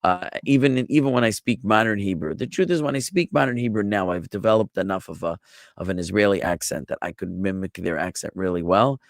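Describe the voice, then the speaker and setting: American rabbi teaching scripture online, low and dry, patient with fillers. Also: male voice, a little fast, no room sound. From United States. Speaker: rabbi teaching a Bible class. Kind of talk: live online Bible lesson answering chat.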